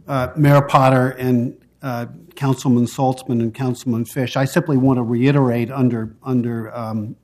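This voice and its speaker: At a city council hearing, a man gives formal public testimony in a measured, deliberate way, pausing between phrases. His mid-range voice holds a steady tone.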